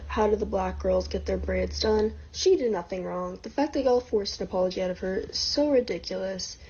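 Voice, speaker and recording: A woman with a breathy, husky voice speaks indignantly in a casual video rant. The sound is dull and lo-fi. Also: mid-range voice, a little fast, darkish tone. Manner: indignant, defensive. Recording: dull lo-fi audio.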